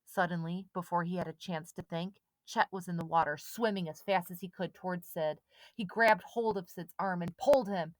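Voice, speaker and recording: A woman reads a storybook aloud with steady, dramatic pacing. Her voice sits low for a woman, and the recording is dry and close. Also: moderate pace, no room sound. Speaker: audiobook reader. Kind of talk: storybook narration.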